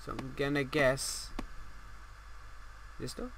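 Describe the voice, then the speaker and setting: A young man commentating a horror game as he plays, excitable and swearing, talking back at the game. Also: mid-range voice, slow, background noise. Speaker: gaming channel host.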